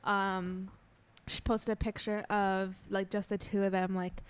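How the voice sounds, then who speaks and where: A woman co-hosting a casual celebrity gossip chat, agreeable and quick to chime in with short replies. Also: mid-range voice, little pitch movement, clear, resonant tone. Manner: agreeable, quick back-channel replies, chatty. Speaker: podcast co-host.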